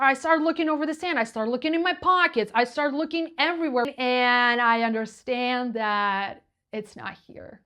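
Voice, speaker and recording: Woman telling a story, high voice. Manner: animated retelling with quoted dialogue and restarts. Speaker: photographer. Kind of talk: storytelling to camera.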